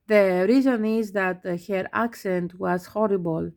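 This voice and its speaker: A young adult woman whose first language is Greek, a language teacher giving an unhurried, explanatory talk to camera with small laughs. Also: mid-range voice, fairly even intonation, gravelly, a little mellow.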